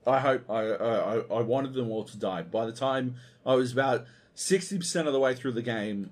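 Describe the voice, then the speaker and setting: A man co-hosting a video game podcast, ranting in a casual, profane and exasperated way. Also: mid-range voice. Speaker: podcast co-host.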